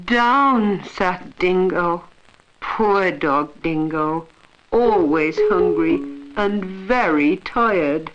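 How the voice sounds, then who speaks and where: A woman narrating an animated storybook film in a rhythmic, sing-song way. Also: lowish voice, very slow. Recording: dull old film soundtrack with music.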